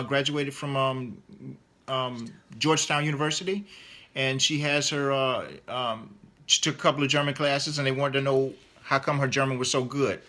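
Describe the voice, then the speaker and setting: Middle-aged male author, casual, rambling with fillers; bright, forceful tone. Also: mid-range voice. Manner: rambling, many fillers and restarts. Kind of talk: casual interview answers.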